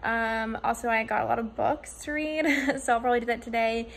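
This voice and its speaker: A woman's voice: fairly high pitch, fairly even intonation, brisk. Chatty young woman vlogging at home. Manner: chatty, filler-heavy. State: out of breath. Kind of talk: casual vlog chat. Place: at home in an apartment. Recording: home camera audio with clear background noise.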